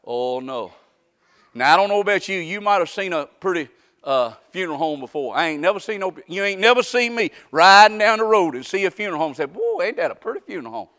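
A man preaching a folksy sermon that swings from quiet talk up to shouting. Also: sits high, expressive, quick pace.

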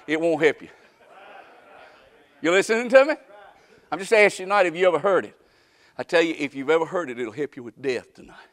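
A man preaching a sermon, shouting some lines and hushing others, with folksy repeated questions to his congregation. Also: on the high side. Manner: swings from shouted calls to hushed asides.

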